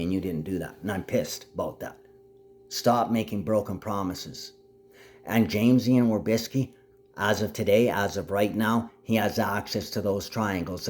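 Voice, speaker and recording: A man talks straight to the camera in a loose, rambling monologue, his voice sitting a little low. He drops into low mutters and half-finished sentences, then jumps into sudden high, loud outbursts. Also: slight background noise. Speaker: vlogger.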